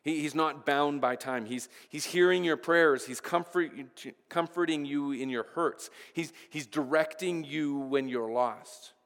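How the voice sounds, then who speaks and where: A man's voice: a little high, a little slow, hardly any pauses, a bit bright, big-room sound. A pastor preaching a sermon, earnest, often repeating the first word of a phrase as he goes.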